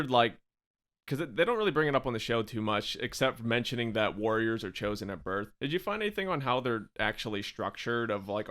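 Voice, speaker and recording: A man hosting a podcast in casual chat, quick to laugh and joke. His voice sits at an ordinary middle pitch. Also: a bit bright. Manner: laughs often, jokey. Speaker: podcast host.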